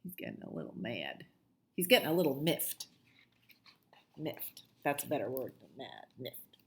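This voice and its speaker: A woman librarian reading a picture book aloud at children's storytime, with soft asides to the kids. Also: extremely low pitch, huge pitch swings, creaky. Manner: slow, sing-song, with soft asides to the children.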